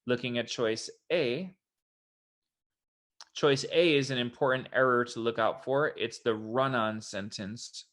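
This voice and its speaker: A man's voice: mid-range voice, a little slow, fairly bright tone. Casual man explaining test answers. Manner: casual, explanatory, quotes examples in a put-on voice. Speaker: SAT tutor. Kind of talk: online test prep walkthrough.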